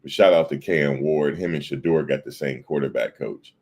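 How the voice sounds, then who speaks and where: A man with a very deep, gravelly voice hosts a casual livestream. He rambles loosely and answers his viewers in the chat as he goes. His tone is husky and worn. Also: moderate pace, a little mellow. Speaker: livestream host.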